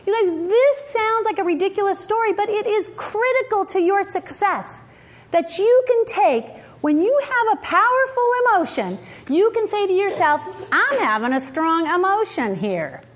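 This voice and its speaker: A middle-aged leadership speaker gives a motivational talk, telling stories animatedly with laughs and acted-out quotes and asking the audience questions. Her voice is very high and moderately paced.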